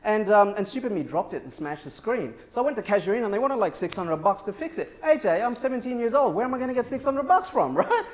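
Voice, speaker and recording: A man's voice: sits high, very animated, fast, hardly any pauses, voice pushed up. A man voicing an eager, upbeat teenage boy entrepreneur who talks in casual, breezy slang.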